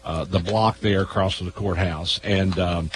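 Man, low voice, radio studio, folklore storytelling, halting with filler pauses. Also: fairly even intonation, slight background noise, low-quality recording. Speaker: local folklore event organizer.

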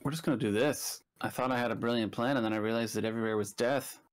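A man's voice: mid-range voice, steady tone, quick pace. Self-deprecating man thinking aloud. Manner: self-deprecating, thinks out loud, second-guesses his moves. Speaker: board game player. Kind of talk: casual chat during a game.

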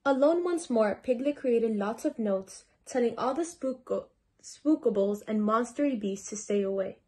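A woman's voice: a little high, lively intonation, normal speed, mellow. A teenage girl reading a children's storybook aloud as a mentor, sometimes stumbling and restarting words. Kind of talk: children's book read-aloud.

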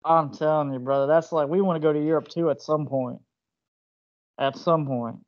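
A man's voice: fairly high pitch, normal speed. Joking man on a lo-fi phone call. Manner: joking, animated storyteller. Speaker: host. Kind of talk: casual interview chat. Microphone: cell phone.

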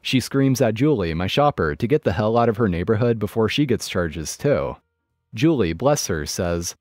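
A man narrating a written story in a steady scripted read. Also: lowish voice, normal speed, no room sound, studio quality, faint music behind.

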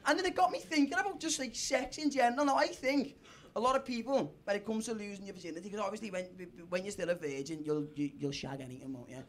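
A man's voice: high-pitched, fast talker, a little hiss or hum. A young man doing a crude, rambling stand-up story on a comedy club stage. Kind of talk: stand-up set. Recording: live club crowd laughter. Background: audience laughing.

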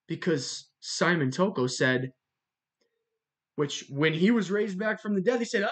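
A speaker giving a religious monologue in a measured way, spelling out words letter by letter and repeating them for emphasis. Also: medium pitch. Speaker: religious video narrator.

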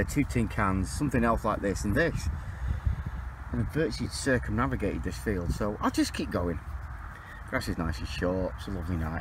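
A man talking casually to camera while metal detecting outdoors in a field, excitable and chatty. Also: background noise. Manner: chatty, excitable, pitch jumps when surprised. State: out of breath.

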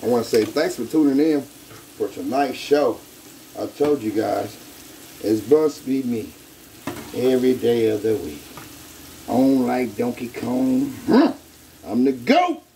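A man's voice: medium pitch, unhurried, long pauses, mellow, slight background noise. A man hosting his own home cooking video, hyped up and talking straight to his viewers in a casual way from his kitchen.

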